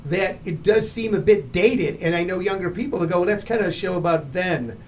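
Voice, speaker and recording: A middle-aged man hosting a casual chat, telling anecdotes with lively acted-out quotes. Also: high-pitched, brisk, slight background noise. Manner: animated storyteller, acts out the people he quotes. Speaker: podcast host.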